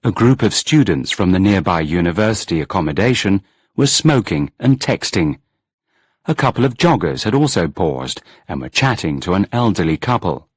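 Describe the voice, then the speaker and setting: A man narrating a storybook audiobook in a measured, expressive reading. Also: low-pitched, breathy edge, dry recording, studio quality.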